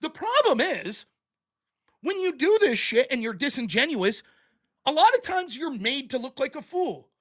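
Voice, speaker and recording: A man's voice: very high voice, big pitch swings, moderate pace, fairly bright tone. Blunt, sarcastic male commentary host. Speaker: show host. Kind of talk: political commentary rant.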